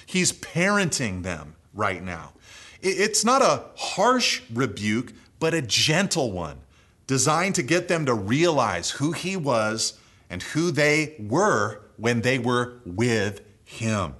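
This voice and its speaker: An earnest preacher with an ordinary-pitched male voice gives a slow sermon with big pitch swings. He lifts key phrases higher and louder, then lets sentences sink to a soft, low ending, moving steadily from reading the text to explaining it.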